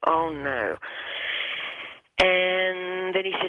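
A hypnotherapist telling a long story on a radio call-in, halting and restarting phrases often, heard over a telephone line. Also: medium pitch, animated, no echo. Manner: halting, with many restarts and repeated words. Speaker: hypnotherapist guest.

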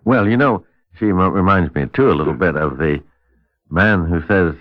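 Reading a passage of scripture during a radio discussion he hosts, a man speaks in a low, animated voice with measured, old-fashioned rhythm. The old radio recording is dull and has no echo.

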